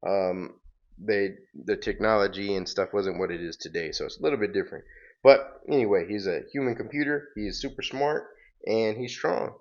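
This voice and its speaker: A man casually recapping a comic book story in a relaxed, rambling way. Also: on the low side, moderate pace, lo-fi sound. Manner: relaxed, rambling with fillers and laughs. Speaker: comic book reader, host.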